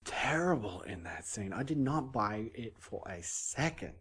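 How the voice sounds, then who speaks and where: Opinionated man with a lowish voice. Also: sing-song, fairly bright tone, husky. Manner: opinionated, emphatic, halting restarts. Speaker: podcast co-host. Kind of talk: casual chat.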